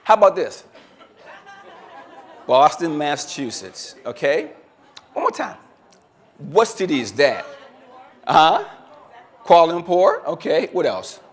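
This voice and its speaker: A man's voice: on the high side, sing-song, takes it slowly, long pauses, a faint crowd. A man giving a motivational seminar talk as keynote speaker, quizzing the audience and repeating their answers back to them. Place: conference room with a live audience.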